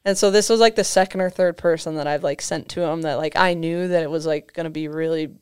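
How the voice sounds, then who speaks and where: A young woman chats as a podcast guest, her voice exceptionally smooth and clear. She rambles through stories packed with "like" fillers and breaks into laughter often. The sound is close and dry, with no room around it. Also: low-pitched, steady tone, quick pace, darkish tone, dry recording. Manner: storytelling, heavy use of "like" fillers, laughs often. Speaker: podcast guest, motocross racer. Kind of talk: casual chat.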